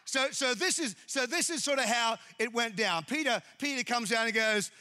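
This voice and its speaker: A male pastor delivers a lively sermon with a high, bright, forceful voice, joking and repeating his words as he builds his points. The sound carries a long echo from a large hall. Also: moderate pace, hardly any pauses. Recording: echoey hall with long reverb.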